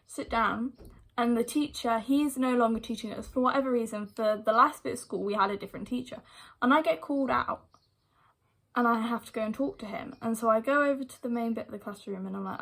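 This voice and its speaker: A woman's voice: a little high, a little fast, gravelly, a bit bright. A young woman telling a personal story to her viewers in a chatty vlog style, with many "like" fillers and direct asides to the audience. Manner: chatty retelling full of "like" fillers. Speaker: vlogger.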